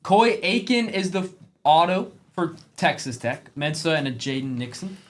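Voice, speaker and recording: Man rattling off card names fast. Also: a little high, sing-song. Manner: rapid name roll-call of cards. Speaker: card break host. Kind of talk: live card break commentary.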